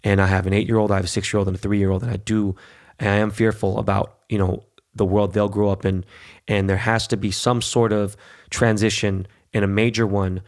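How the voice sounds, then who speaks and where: A man in his forties hosts a podcast in loose, casual chat. His low voice carries a gravelly fry, and he tells stories with animation, swearing freely and mimicking others in raised voices. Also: level tone, fairly quick. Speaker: podcast host.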